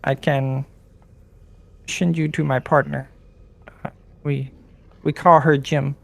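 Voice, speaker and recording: A man voicing a calm, formal insectoid school official who speaks in a measured way. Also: a little high, creaky, exaggerated voice. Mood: polite. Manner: slow, measured, formal speech.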